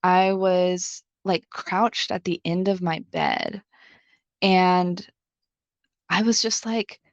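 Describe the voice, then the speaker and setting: A woman's voice: fairly low pitch, very animated, takes it slowly, creaky, dry recording, dull audio. Chatty young woman, lots of "like". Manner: chatty, leans heavily on filler "like". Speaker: podcast co-host. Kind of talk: casual personal storytelling.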